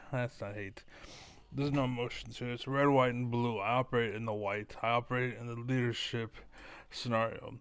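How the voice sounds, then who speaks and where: A self-assured man rambles bluntly to his audience, circling back and restating his points. His voice is smooth and clean. The sound is dry and close, with no room around it. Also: medium pitch, no room sound. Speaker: online commentator. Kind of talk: casual monologue to camera.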